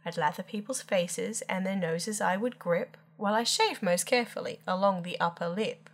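A woman's voice: medium pitch, moderate pace. A woman storyteller reading children's rhyming poems aloud with lilting, playful emphasis.

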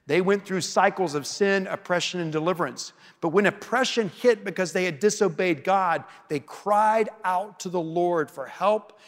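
A man preaching an expository sermon, slowing down and dropping his voice for emphasis. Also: sits high, in a large hall. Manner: varies pace and loudness for emphasis.

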